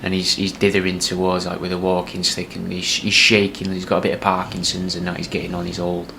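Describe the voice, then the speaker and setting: Rambling man, low voice. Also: completely flat delivery, a little fast, gravelly, sharp tone, a little hiss or hum. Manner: rambling, hesitant, says "and that". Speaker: comedy podcast host. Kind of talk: casual sketch pitch.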